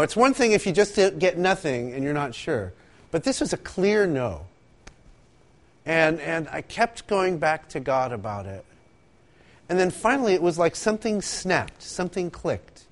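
Lively high-voiced man preaching. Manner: animated storytelling, acts out quotes, laughs often. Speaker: pastor. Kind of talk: sermon.

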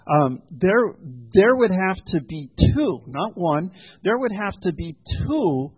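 Slow, husky-voiced man preaching. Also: a little high, dry recording. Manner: measured, frequent ums and pauses, explaining scripture. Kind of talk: sermon. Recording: dry, tinny phone-like sound.

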